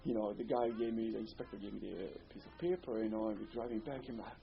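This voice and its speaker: A man's voice: fairly low pitch, quick pace, creaky. A man in his thirties with a Bosnian accent, recounting his life in an oral history interview, rambling with lots of "you know.". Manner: rambling storyteller, many "you know" fillers. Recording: slightly muffled recording with faint hiss.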